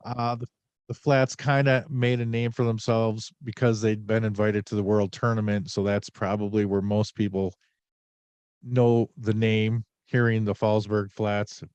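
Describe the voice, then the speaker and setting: A man's voice: fairly low pitch, level tone, a little slow, a little mellow, clear, resonant tone, no room sound, dull audio. A man hosting a podcast in casual chat, a little under the weather, rambling and joking with many fillers. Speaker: podcast host.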